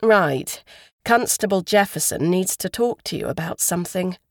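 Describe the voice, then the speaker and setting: Woman reading nervous polite husband, a bit hesitant, kinda low. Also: lively intonation, moderate pace, dry recording, studio quality.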